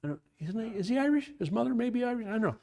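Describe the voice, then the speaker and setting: A man's voice: extremely high pitch, animated, rapid-fire, gravelly, darkish tone. An older man, a pastor leading an informal Bible study, talking in a rambling, digressive way full of restarts.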